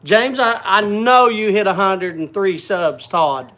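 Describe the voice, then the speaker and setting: A man's voice: high-pitched, animated, measured pace, bright, forceful tone. A man hosting a casual livestream, chatting and greeting viewers by name. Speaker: livestream host. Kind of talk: casual chat.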